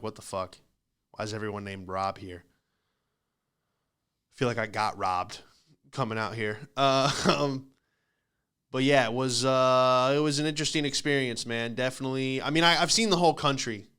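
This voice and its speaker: A young man hosting a comedy podcast, telling a rambling, profane story and acting out the quick back-and-forth of what people said. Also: medium pitch, a bit bright, clear, resonant tone.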